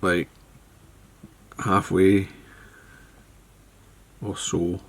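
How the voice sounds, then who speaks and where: Deep gravelly man demonstrating a craft. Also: very slow. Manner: relaxed, thinks aloud while working. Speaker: fly tying instructor. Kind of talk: casual step-by-step demonstration.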